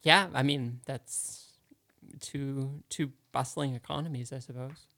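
A man co-hosting a live studio radio show, his mid-pitched voice full of gravelly fry. He talks in a thoughtful, hesitant way, filling his pauses with ums. The sound is dry and close. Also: fairly even intonation, pushed and bright, dry recording. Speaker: radio co-host. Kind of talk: casual radio chat.

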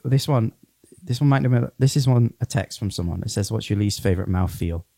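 A man with a gravelly, mellow voice hosts a casual chat, firing off playful quick questions. He sounds dry and close to the mic. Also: fairly low pitch, no echo. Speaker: radio host.

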